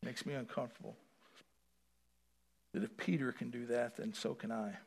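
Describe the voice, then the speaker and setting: A pastor preaching a sermon, swinging from quiet asides to loud rising appeals and calling for responses from the congregation. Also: male voice, medium pitch, steady tone, moderate pace, creaky, slightly rough.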